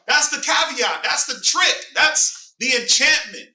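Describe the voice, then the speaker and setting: A man's voice: very high-pitched, lively intonation, takes it slowly, creaky, pushed and bright. A man leading a Bible class with call-and-response, emphatic and preachy, prompting a reader along. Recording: roomy sound from a distant mic.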